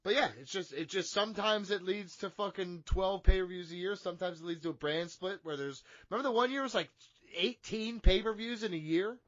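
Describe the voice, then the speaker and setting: A man's voice: high-pitched, a little fast, a bit bright, no room sound, highs cut off. A man co-hosting a wrestling podcast, talking casually and profanely, often repeating words as he works through a point. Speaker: podcast co-host.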